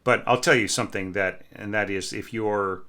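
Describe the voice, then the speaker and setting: A man with a lowish, bright, forceful voice talks through a student's orchestral score. He thinks aloud with fillers and hums little bits of the music as he goes. His tone is that of a relaxed but exacting teacher giving feedback. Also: moderate pace. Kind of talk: casual spoken score critique.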